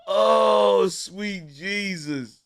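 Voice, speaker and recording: A man in his forties or fifties reacts to a clip in loose, slangy talk, laughing often and loudly. His voice sits fairly high and bright. He speaks at an unhurried pace. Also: vocal fry. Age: 40s to 50s. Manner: laughing a lot, slangy and loud. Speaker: commentary channel host reacting to a clip. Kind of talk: casual reaction commentary.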